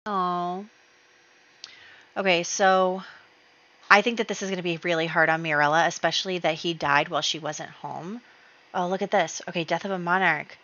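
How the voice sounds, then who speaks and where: A woman's voice: lowish voice, steady tone, normal speed, long pauses, bright, forceful tone, lo-fi sound. A woman hosting a let's play, chatting casually as she narrates her game moves with fillers and small laughs.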